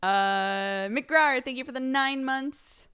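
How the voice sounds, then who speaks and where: A woman's voice: high-pitched, slow, fairly bright tone, smooth. A woman live streamer chatting casually, laughing often and reading out thank-yous to her subscribers.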